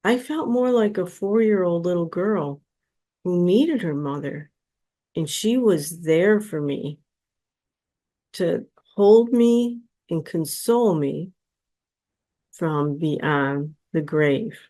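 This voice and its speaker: A woman guest on a podcast, telling a personal story in a slow, earnest, heartfelt way. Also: on the low side, lively intonation, mellow.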